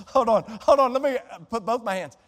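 High-voiced preacher in a reverberant church. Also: male voice, moderate pace. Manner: impassioned, conversational preaching with sudden drops to quiet pleading. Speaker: pastor. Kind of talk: sermon. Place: church sanctuary.

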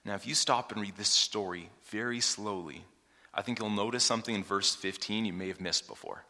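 A man preaching a sermon, reading scripture aloud and explaining it, swinging from hushed asides to emphatic points. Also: on the low side, a little fast. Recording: long hall reverb.

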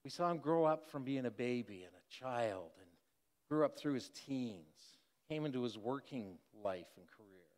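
A man's voice: mid-range voice, expressive, normal speed, darkish tone, natural voice. A man voicing skeptical townsfolk in a sermon, asking incredulous rhetorical questions. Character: skeptical village townsfolk, astonished and gossiping. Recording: long hall reverb.

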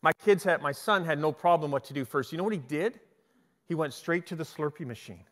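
A middle-aged man preaching a sermon, telling stories in an animated way and often restarting his sentences. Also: fairly high pitch, a little fast. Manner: animated storytelling with repeated restarts. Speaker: pastor. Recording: long hall reverb.

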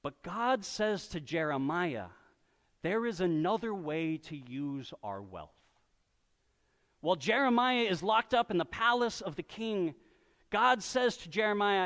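Male preacher, high and very lively pitch, sermon delivered in a reverberant hall. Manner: storytelling, with quick voiced asides for people in the story.

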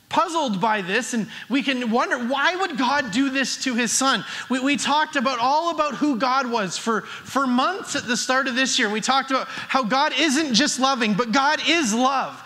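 High, bright-voiced male preacher. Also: moderate pace, few pauses. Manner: earnest, builds emphasis with restarts. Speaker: pastor. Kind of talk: sermon.

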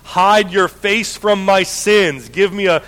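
A man preaching voices a penitent ancient king pleading for mercy, slow, hushed and earnest. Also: high voice, long reverb tail, faint music behind, voice pushed up, poor audio.

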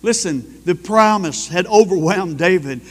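High-voiced fervent preacher in a hall. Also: male voice, animated, measured pace. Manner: fervent preaching, swelling to loud praise. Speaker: pastor. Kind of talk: sermon.

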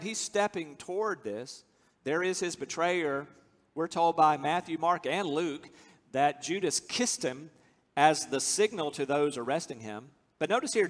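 A man's voice: on the high side, fairly bright tone. American man preaching in a big hall. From United States. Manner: earnest, emphatic preaching with slow stressed phrases. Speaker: pastor. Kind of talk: sermon. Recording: long hall reverb.

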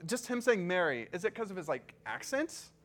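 A man's voice: high voice, sing-song, normal speed, fairly bright tone. A man leading a Bible study, reading scripture and breaking off for casual, joking asides and questions to the group. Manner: chatty, joking asides, frequent "like"; checks in with the group.

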